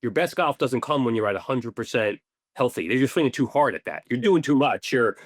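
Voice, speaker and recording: A man, a podcast guest, telling stories in a casual, animated way, swearing now and then and acting out what people said. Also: mid-range voice, fairly quick, no room sound, clean studio sound. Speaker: podcast guest, ball marker maker. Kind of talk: casual storytelling interview.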